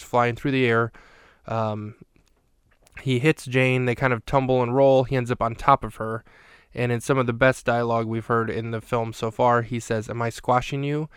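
A man's voice: medium pitch, fairly bright tone, clear, resonant tone, no room sound. A man hosting a podcast, casually recapping a film scene by scene in a chatty, rambling way with dry jokes.

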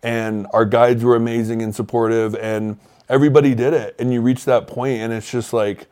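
A man's voice: medium pitch, level tone, moderate pace, hardly any pauses, darkish tone. Earnest man reflecting in casual chat. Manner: earnest, reflective, loose filler-heavy phrasing. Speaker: podcast co-host.

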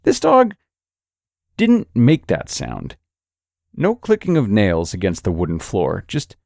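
A man reads a scary story aloud in a measured, suspenseful way. His voice sits low with a gravelly texture and moves through a lively pitch range. The recording is dry and close. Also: dry recording. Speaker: narrator. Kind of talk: scripted horror story narration.

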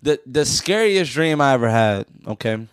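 A man's voice: mid-range voice, expressive, moderate pace, smooth, no echo, studio quality. A man co-hosting a podcast in casual chat, joking, teasing and swearing a lot. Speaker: podcast co-host.

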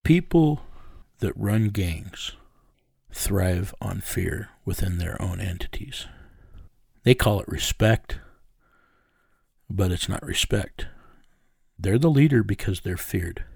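A man being interviewed, recounting a raid in low, measured storytelling that sinks to a menacing hush. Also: expressive, creaky, husky, dry recording, clean studio sound. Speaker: interview guest.

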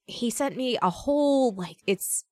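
This podcast guest, a woman voice actor, has a slightly high, expressive, darkish voice and takes her time. Chatting casually, she spins stories and performs the dialogue people said to her, with lots of laughs and fillers. The recording is dry and studio quality.

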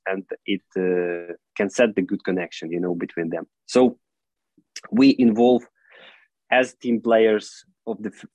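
A man, an English speaker, answering interview questions in an earnest, halting way with frequent "you know" fillers. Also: on the low side, darkish tone, no room sound, rough recording. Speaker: football club director, guest.

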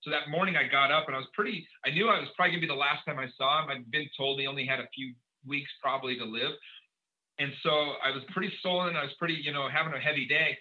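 A man tells a personal story as a podcast guest, racing through it at high speed and acting out bits of dialogue. His voice is sharp and forceful, with lots of "um"s and "uh"s along the way. The recording sounds dull and lo-fi. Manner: rapid, animated storytelling with many fillers and acted-out dialogue.

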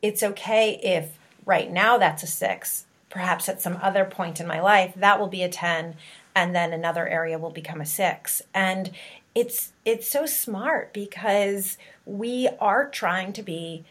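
Woman host, mid-pitched voice, eager, laughs a lot while asking questions. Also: unhurried. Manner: enthusiastic, laughs often, leads with questions. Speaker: podcast host. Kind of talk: casual interview chat.

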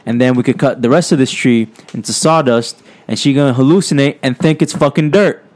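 A man's voice: medium pitch, fairly quick, a little mellow. Casual cursing man spinning a story. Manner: casual, cursing, checking in with "right?". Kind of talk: improvised comedy storytelling.

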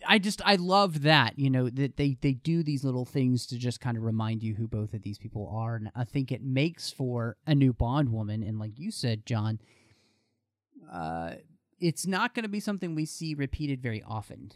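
Man, podcast co-host, jokey and animated, casual film chat, dry close sound. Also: mid-range voice, normal speed, dry recording. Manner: animated, jokey, many restarts.

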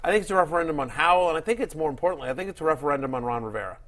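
Man, fairly high voice, casual sports host, rambling, laughing storyteller. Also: lively intonation, racing, fairly bright tone. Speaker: fantasy football show host.

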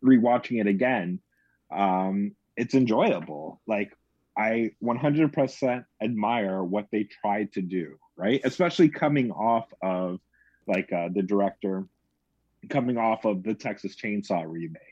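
Low-pitched man, casual movie-podcast chat, rambly with restarts, dull dry recording. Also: measured pace, darkish tone, breathy edge, no echo. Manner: rambling, filler-heavy, frequent restarts. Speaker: podcast co-host. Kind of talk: casual film discussion.

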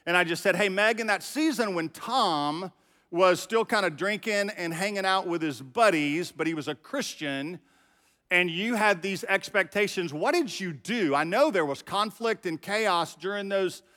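A middle-aged pastor preaches in a conversational manner, speaking straight to his congregation. His high-pitched voice has a sharp tone and a normal pace, and the sound carries the feel of a big room.

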